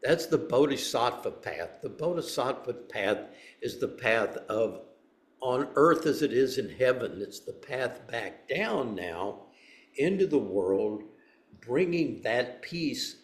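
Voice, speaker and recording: A man's voice: mid-range voice, roomy sound. A man teaching a meditation group, speaking in a loose, conversational way with frequent restarts. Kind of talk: dharma talk.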